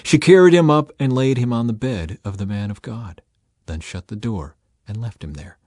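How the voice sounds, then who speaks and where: A man narrating a scripture story in a measured, deliberate reading style. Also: lowish voice, expressive, a little mellow, dry recording, studio quality.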